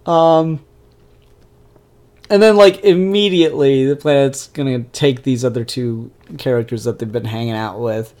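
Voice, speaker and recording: A man's voice: medium pitch, steady tone, measured pace, darkish tone. Male comic reviewer, laid-back rambling chat, blunt opinions, lots of ums. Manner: rambling, opinionated, frequent fillers.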